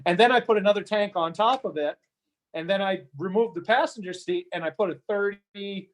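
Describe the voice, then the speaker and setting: A man's voice: high-pitched, brisk. A man being interviewed, telling a story casually with frequent restarts and repeated words. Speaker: interview guest.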